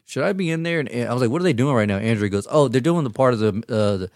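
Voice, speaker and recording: A man's voice: medium pitch, lively intonation, racing, darkish tone, no room sound, clean studio sound. A young man, the groom, chatting casually with friends and telling stories with lots of laughter and swearing. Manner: laughing, profane storytelling. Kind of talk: casual chat among friends.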